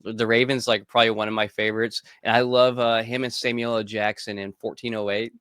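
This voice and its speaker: A man's voice: lowish voice, a little fast, smooth, no room sound, clean studio sound. Chatty laid-back man co-hosting a podcast. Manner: relaxed, laughs often, trailing restarts. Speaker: podcast co-host. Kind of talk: casual chat.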